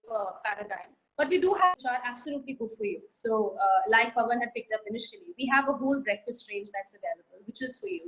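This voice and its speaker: A woman in her thirties with an Indian English accent, a marketing guest answering audience questions in a brisk, confident way. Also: a little high, poor audio. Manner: brisk, confident, lists points. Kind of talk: live Q&A answer.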